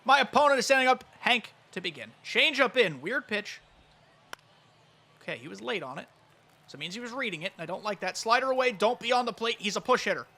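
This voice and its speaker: A man giving excitable, chatty live commentary on his own baseball video game play, talking straight to his viewers. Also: high voice, a little fast. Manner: excitable, chatty, talks to chat. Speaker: gaming YouTuber.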